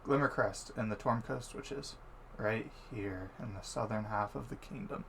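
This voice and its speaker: A man hosting and narrating a tabletop game as game master, playful and relaxed. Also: fairly low pitch, moderate pace, vocal fry, a little hiss or hum.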